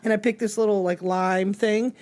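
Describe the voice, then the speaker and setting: A woman chatting casually as a comedy podcast guest, telling her own story with quick asides. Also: mid-range voice, steady tone, a little mellow.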